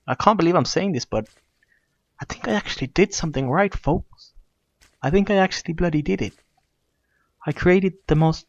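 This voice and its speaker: Brief: gravelly, higher-pitched male game host, excitable and mock-grand, on a dull home mic. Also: no room sound. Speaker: gaming video host. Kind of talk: let's play commentary.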